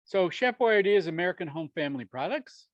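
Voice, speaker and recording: A man telling a business story to an audience, animated and acting out the dialogue, chuckling often. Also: high-pitched, quick pace, no echo, lo-fi sound. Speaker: speaker sharing a business story.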